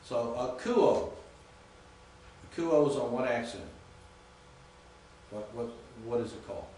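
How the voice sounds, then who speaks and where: A man teaching a class, speaking haltingly, repeating words and quizzing students as he goes. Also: medium pitch, a little mellow, slight background noise. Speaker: Greek teacher. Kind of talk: classroom lecture. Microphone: distant room mic. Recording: echoey classroom from far off.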